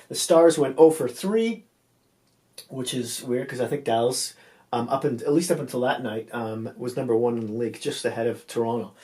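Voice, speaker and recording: A man casually recapping hockey game results, halting with frequent ums and restarts, with a voice going tired and hoarse. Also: a little high, a little mellow. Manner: halting, many ums and restarts, offhand asides.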